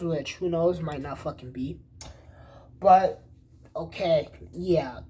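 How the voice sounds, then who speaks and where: A man's voice: high voice, breathy edge. A young man casually telling a story, swearing a lot and acting out both sides of the conversation. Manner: profane, animated retelling with quoted dialogue.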